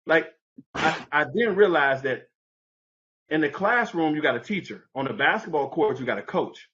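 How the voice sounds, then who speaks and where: A man telling a personal story as an interview guest, animated and conversational, acting out the people in it. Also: on the high side, moderate pace, lo-fi sound.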